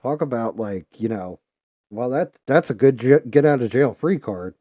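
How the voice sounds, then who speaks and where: A man's voice: mid-range voice, moderate pace, no echo. A man hosting a live stream, telling a story in a loose, profane way with lots of filler words, and livening up when he quotes people. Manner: animated when quoting others. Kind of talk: casual storytelling while painting.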